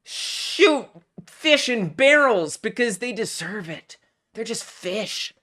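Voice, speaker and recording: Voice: medium pitch, slow pace. Casual streamer: live gameplay commentary, easily worked up, playful and jokey. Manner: excitable, swings from mock rage to giggly chatter; playful made-up exclamations. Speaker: live-stream host playing game jam entries. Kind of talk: live game-playing commentary.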